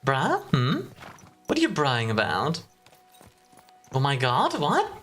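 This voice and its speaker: Playful low-voiced woman streamer. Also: wildly swooping pitch, slow pace, soft background music. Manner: playful and self-mocking, bursts of laughter. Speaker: streamer playing a game. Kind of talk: casual live-stream chat.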